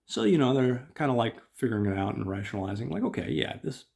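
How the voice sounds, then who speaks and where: A man's voice: medium pitch, expressive, quick pace, vocal fry, a little mellow. A man hosting a podcast, casually retelling and reading aloud from a graphic novel in a loose, filler-heavy way. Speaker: podcast host. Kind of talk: casual recap and read-aloud. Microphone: camera on tripod.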